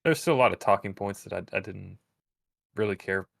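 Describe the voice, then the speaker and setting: A man's voice: fairly low pitch, expressive, brisk, gravelly, a bit bright, no room sound, studio quality. A man co-hosting a live stream, giving blunt, dismissive opinions on game trailers in casual chat. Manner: blunt and dismissive, many fillers. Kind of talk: casual gaming show chat.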